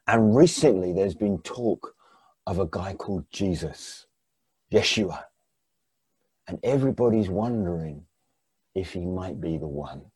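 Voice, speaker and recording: A man preaching a sermon as second-person guided storytelling, dramatic, swinging between hushed and emphatic. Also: sits low, expressive, unhurried, long pauses, slightly rough, no echo.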